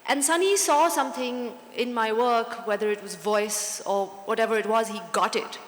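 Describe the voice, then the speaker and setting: A woman on a conference panel, telling lively stories and slipping into Hindi phrases. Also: a little high, normal speed. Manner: animated storytelling, mixing in Hindi. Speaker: panel author. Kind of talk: conversational panel talk. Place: conference hall. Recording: echoey hall with long reverb.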